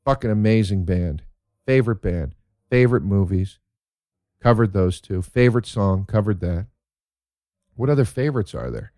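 A man's voice: on the low side, moderate pace, pauses often, warm tone, dry recording, studio quality. A man telling rambling, profane stories in a casual monologue, easily worked up about the things he loves.

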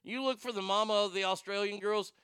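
A man's voice: sits high, fairly even intonation, brisk, pushed and bright, clean tone, no room sound, studio quality. A man hosting a talk radio show, ranting animatedly about a reality show with crude asides and stammered restarts.

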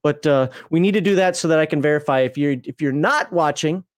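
Male host with a high voice and a dry, close sound; rambling, jokey stream banter. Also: brisk, no room sound. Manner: rambling and joking, chuckling often. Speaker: podcast host. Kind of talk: casual live-stream chat.

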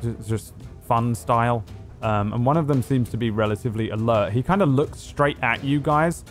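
A man's voice: medium pitch, normal speed, soft background music. A man narrating as game master of a tabletop game, rambling and hesitant with many fillers.

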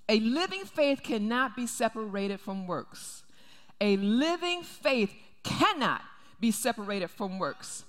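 A woman's voice: on the high side, fairly bright tone. Woman pastor preaching hard, says things twice, big echoey church sound. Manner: emphatic, repeats key phrases. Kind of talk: sermon. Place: church sanctuary.

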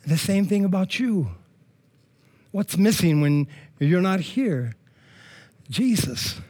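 High-voiced man preaching with jokes. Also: slow pace. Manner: lively, joking, conversational preaching. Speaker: pastor. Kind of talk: sermon.

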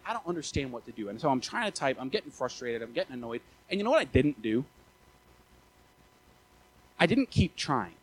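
A young man in his twenties preaching a casual, animated sermon as a pastor, often stammering and restarting his words. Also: a little high, breathy edge, rough recording. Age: 20s.

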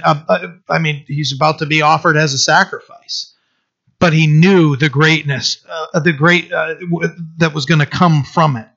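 A man preaching a sermon and reading scripture, talking haltingly with many fillers and restarts. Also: fairly high pitch, bright, forceful tone. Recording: dull lo-fi recording.

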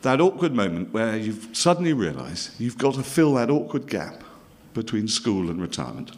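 A middle-aged man from northern England delivers a stand-up story in a dry, self-mocking way. His voice swings widely in pitch as he drops wry asides to the crowd. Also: very animated, normal speed. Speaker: comedian.

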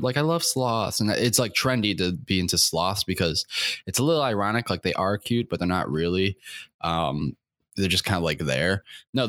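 A young man with a very low voice rants crudely through a comedic monologue, swearing freely and working himself up. He rambles with plenty of fillers. The sound is dry and close, with no room around it. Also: a bit bright, dry recording. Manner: crude, profane, gets worked up. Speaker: podcast host. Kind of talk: comedic rant.

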